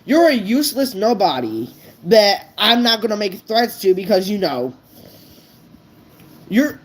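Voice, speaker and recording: A woman's voice: mid-range voice, big pitch swings, unhurried, breathy edge, rough recording. A woman vlogger ranting unscripted to her viewers, blunt and profane, stumbling over her words. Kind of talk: unscripted rant to camera.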